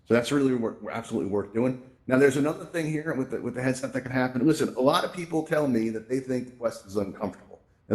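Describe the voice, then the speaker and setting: A man's voice: mid-range voice, a little mellow. A man hosting a live event in a virtual world through his headset mic, telling jokey stories with lots of fillers and asides. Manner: chatty, jokey storyteller with many fillers. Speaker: event host.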